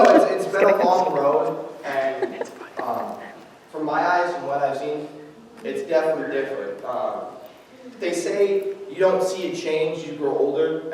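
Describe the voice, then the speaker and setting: A young man telling his own story in a church service, halting, with many fillers and restarts. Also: fairly high pitch. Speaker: guest speaker sharing his story. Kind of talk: informal testimony in a church service. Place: large church sanctuary. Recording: echoey hall, distant mic, faint noise.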